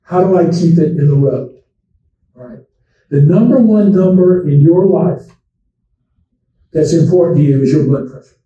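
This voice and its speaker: Folksy doctor in an echoey hall. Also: male voice, on the high side, normal speed, long pauses, mellow, lo-fi sound. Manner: folksy storytelling, addresses the audience directly. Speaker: memory doctor giving a talk. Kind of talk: conversational public talk to seniors. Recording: echoey room, distant from the mic.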